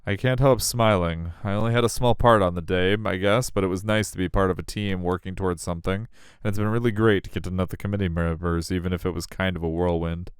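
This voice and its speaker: A man's voice: low voice, fairly even intonation, fast talker, clean tone, no echo, clean studio sound. A man reading a visual novel aloud, wry and self-deprecating as the narrator. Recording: faint music behind.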